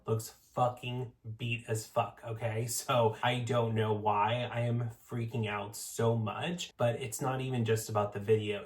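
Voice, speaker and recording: Guy vlogging to camera, shaky and jittery, cussing, close to tears, mid-pitched voice. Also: recorded from a distance. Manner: excited and nervous, swears freely. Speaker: podcast host. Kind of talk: casual vlog talk to camera.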